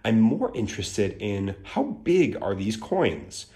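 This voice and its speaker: A man's voice: on the low side, big pitch swings, slow pace, dark tone. Gushing, chatty man reviewing cards. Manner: gushing, chatty, full of filler likes. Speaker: tarot deck reviewer. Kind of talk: casual video deck review.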